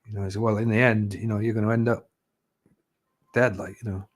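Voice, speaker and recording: A man's voice: lowish voice, little pitch movement, fairly quick. Rambling, swearing man. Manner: rambling, swears a lot, fillers like "you know". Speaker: live chat host. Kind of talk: casual chat.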